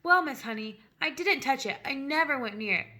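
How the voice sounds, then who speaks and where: A woman's voice: sits high, expressive, a little fast, bright, forceful tone. A woman reading aloud, voicing a small, polite, earnest girl who explains herself carefully.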